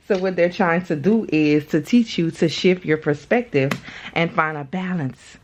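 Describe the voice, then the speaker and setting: A woman's voice: sits low, unhurried, a little mellow, highs cut off. A woman giving a casual spiritual card reading straight to her viewers. She is chatty, repeats herself for emphasis and talks to them directly.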